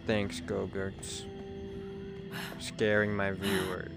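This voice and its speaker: A young man chatting excitedly to his viewers while streaming a game, swearing freely. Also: medium pitch, a little slow, music in the background. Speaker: livestreamer. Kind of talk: casual live gameplay chatter.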